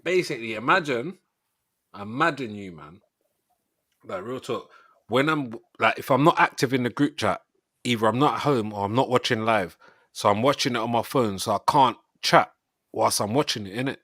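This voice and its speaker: A man's voice: mid-range voice, moderate pace, fairly bright tone, no room sound. Young man, stream host, slangy rambling banter, dry close sound. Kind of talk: casual football reaction chat.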